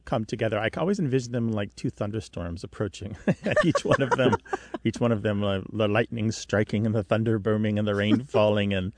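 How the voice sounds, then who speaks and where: A man's voice: on the low side, a little fast, no echo. A man co-hosting a call-in radio show about language, patiently explaining dialect differences with vivid comparisons. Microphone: studio mic.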